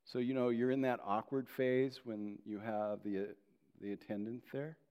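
A pastor giving a sermon and telling a story about himself. He is animated, moving between loud emphasis and quiet asides. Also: medium pitch, unhurried, clear, resonant tone, dull audio. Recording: long reverb of a large hall.

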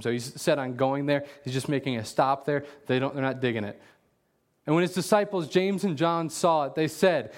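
A man preaching a casual sermon as a pastor, telling jokey stories with loud animated bursts and reading scripture slowly aloud. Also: a little high.

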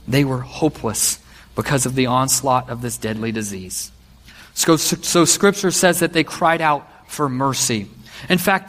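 High-voiced earnest male preacher. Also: fairly bright tone. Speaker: pastor. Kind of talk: sermon. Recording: long hall reverb.

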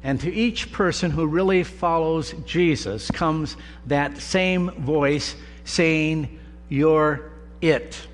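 A man preaching a sermon, with slow, deliberate delivery and emphatic pauses. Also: on the high side. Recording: long reverb of a large hall, faint hum.

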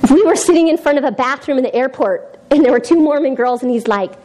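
Woman, youth group talk, high voice, faint background hum, casual and self-deprecating. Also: quick pace. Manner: chatty, self-deprecating, laughs often. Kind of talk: informal youth devotional talk.

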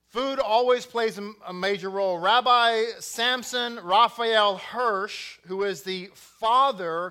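A man's voice: high-pitched, sharp tone. A man from Texas preaching a sermon, conversational, with asides and restarts.

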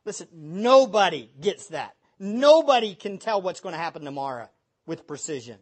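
A preacher giving a sermon, speaking emphatically and reading scripture aloud, building at times to loud exhortation. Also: medium pitch, big pitch swings, normal speed, husky.

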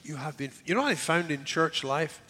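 A middle-aged man preaching a sermon earnestly, repeating key words and often dropping to a hushed near-whisper. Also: fairly high pitch, lively intonation, fairly quick. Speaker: pastor.

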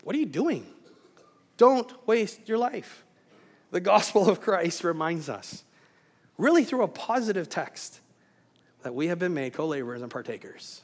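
A man's voice: a little high, big pitch swings, unhurried, pauses often. Earnest preaching man in a reverberant hall. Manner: earnest, preacherly, with rhetorical questions. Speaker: pastor. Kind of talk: sermon.

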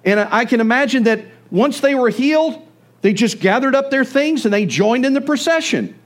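A man preaching a sermon, telling the story with animated storytelling. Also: very high voice, moderate pace. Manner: animated storytelling, acts out voices. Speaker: pastor.

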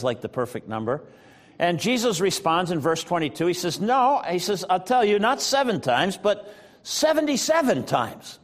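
A man preaching a sermon as pastor, talking in a conversational way with frequent fillers as he retells scripture. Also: high-pitched.

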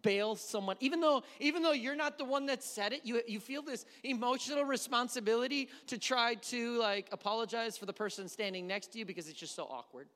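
A man preaching a sermon in a church, telling the story in an animated way and asking the congregation questions. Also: very high voice, a little fast, hardly any pauses. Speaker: pastor. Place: church hall. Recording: long hall reverb.

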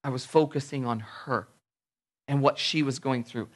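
A man preaching a sermon, animated, acting out little everyday scenes in different voices. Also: mid-range voice, normal speed. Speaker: pastor.

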